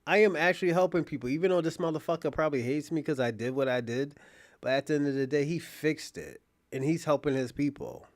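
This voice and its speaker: Hosting his own live-stream show, this man speaks fairly quickly in a voice a little high for a man, bluntly and often with profanity. Unscripted and animated, he addresses a chat viewer by name and keeps restarting and repeating lines as he thinks out loud.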